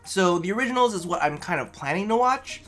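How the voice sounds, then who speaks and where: A man's voice: high voice, animated, fast talker, a bit bright, faint music behind. A man vlogging casually to camera from his apartment, a little tipsy, rambling, chatty and swearing freely. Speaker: vlogger host.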